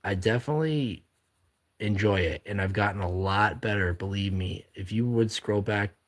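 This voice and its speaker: A man's voice: lowish voice, normal speed. A man hosting a casual live drawing stream, reading viewer comments aloud and chatting back in a rambling, upbeat way.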